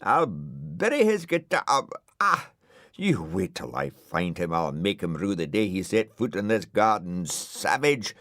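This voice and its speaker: A sulky, self-important dog grumbles in a grand, aggrieved tone, as a man puts him on. The storybook voice swings widely in pitch and takes its time. The sound is close and dry. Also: sing-song, measured pace, no room sound, heavily acted. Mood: outraged. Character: grumpy huffy pompous male dog. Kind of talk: audiobook character voice.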